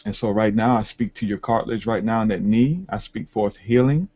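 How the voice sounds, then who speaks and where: A man's voice: lowish voice, fairly quick, lo-fi sound. A man hosting a faith podcast, speaking earnestly and leading a healing prayer with repeated declarations. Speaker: podcast host and prayer minister.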